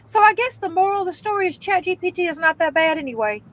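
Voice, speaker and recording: A woman who works in sales, telling a story casually and acting out each person's lines with quick voice changes and blunt swearing. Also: extremely high pitch, a little hiss or hum, poor audio. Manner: animated, acts out dialogue with quick voice changes.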